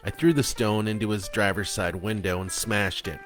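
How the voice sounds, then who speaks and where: A man reading his own dark prose and poetry aloud in a blunt, confessional manner. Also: fairly low pitch, normal speed, faint music behind.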